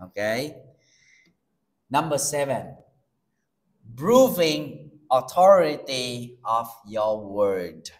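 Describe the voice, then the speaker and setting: A male pastor with a Vietnamese accent preaching a sermon in non-native English, slow and emphatic. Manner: slow, emphatic preaching with lively pitch swings.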